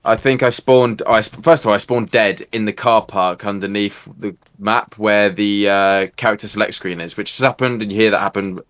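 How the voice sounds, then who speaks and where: A man's voice: lowish voice, steady tone, moderate pace, hardly any pauses, a bit bright. A British man co-hosting a casual podcast, telling rambling, laughing anecdotes about gaming. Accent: British English. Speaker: podcast co-host. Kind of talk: casual chat.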